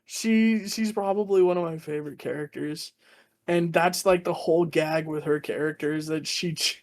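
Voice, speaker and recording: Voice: medium pitch, normal speed. A podcast host chatting casually about anime, telling scenes with lots of laughter and acted-out lines. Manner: animated storyteller, laughs often, acts out scenes.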